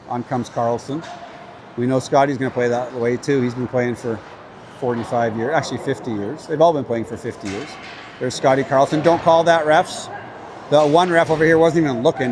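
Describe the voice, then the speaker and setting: This play-by-play commentator, a man with a mid-range voice, casually calls an amateur hockey game on a livestream from a crowded rink amid background noise. He's chatty and roots openly for his team.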